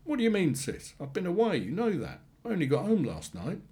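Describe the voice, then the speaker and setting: A man's voice: high voice, wildly swooping pitch, fairly quick, mellow, voice pushed up. A man voicing an angry young man in his twenties who swears bluntly and bitterly about his father.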